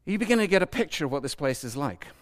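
A man preaches with a lively, swooping delivery and a voice pitched a little high. He puts questions to the congregation and acts out the voices of the people he quotes. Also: fast. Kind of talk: sermon.

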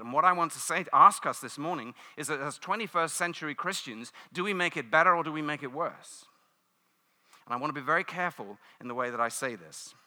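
A British man preaching a sermon, telling stories with lively asides and playful mimicry. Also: a little high, big-room sound. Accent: British English. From United Kingdom. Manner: animated storytelling, mimics cheering crowds.

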